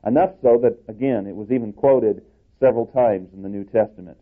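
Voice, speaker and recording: A male preacher giving an expository sermon in a measured, explanatory way, restarting phrases now and then. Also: lowish voice. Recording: tinny phone-like sound.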